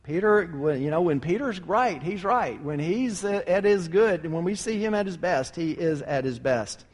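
A man preaching a sermon with emphatic delivery, rising to loud peaks and dropping low. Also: animated, normal speed. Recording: long hall reverb.

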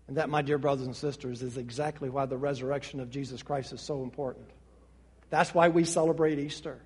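A man preaching a sermon as pastor, swinging between hushed, intimate passages and rising, urgent ones. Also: high-pitched, slightly rough, in a large hall.

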